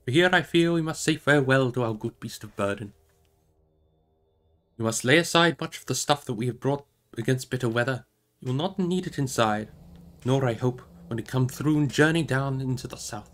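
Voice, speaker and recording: A man voicing a grave, commanding old male wizard in an audiobook reading, measured and solemn. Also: medium pitch, fairly bright tone, close to an everyday voice.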